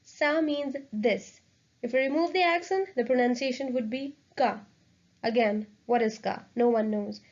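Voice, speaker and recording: A woman teaching French pronunciation in a clear, upbeat, explanatory way. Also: sits high, lo-fi sound. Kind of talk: lesson narration.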